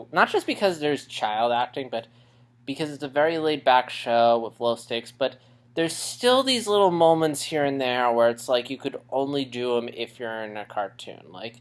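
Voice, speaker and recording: Young male vlogger, a bit breathless, rambling casual talk, mid-range pitch. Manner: rambling, with restarts and shifts in loudness. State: a little out of breath after a run. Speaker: vlogger reviewing a cartoon series. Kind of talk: casual unscripted rambling vlog.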